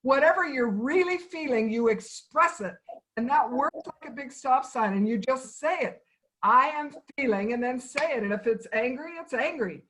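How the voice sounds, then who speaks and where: A woman's voice: high-pitched, lively intonation, moderate pace, fairly bright tone, low-quality recording. A woman trainer teaching anger management in an online session, instructive and stepwise, repeating key points for emphasis over a video call.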